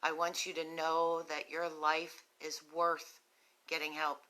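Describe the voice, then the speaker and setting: A woman from West Virginia, sick with a cough and sucking on a cough drop, livestreams from her phone for a recovery nonprofit. In a low, even, clear-toned voice she offers slow, compassionate words to viewers battling addiction, with lots of ums in the gaps.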